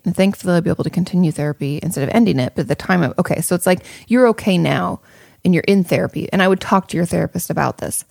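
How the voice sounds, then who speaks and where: A woman's voice: fairly low pitch, racing, gravelly, darkish tone, no room sound, clean studio sound. A woman therapist giving casual, frank advice to viewers, thinking aloud with plenty of fillers and the odd swear word. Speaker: therapist answering viewer questions.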